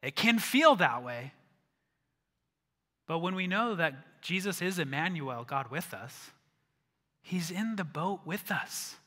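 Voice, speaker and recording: Animated high-voiced preaching man. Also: slow, long pauses. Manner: animated storytelling, acts out disciples, drops to a hush for emphasis. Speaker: pastor. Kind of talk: sermon. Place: church sanctuary. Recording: church hall reverb.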